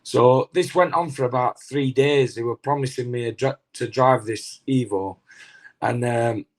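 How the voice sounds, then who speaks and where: A middle-aged man tells an anecdote in a casual interview, halting often with restarts and fillers. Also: mid-range voice. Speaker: former boxer, interview guest.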